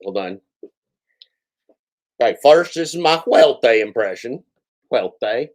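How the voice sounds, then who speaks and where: A man's voice: mid-range voice, animated, slow. A man hosting a live stream, reading out and answering chat comments in a sarcastic, mocking way.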